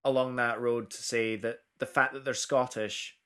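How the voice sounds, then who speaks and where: A man co-hosting a casual chat, talking loosely, restarting sentences and jumping up in pitch when excited. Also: normal speed. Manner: chatty, self-interrupting, big pitch swings when excited. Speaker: podcast co-host.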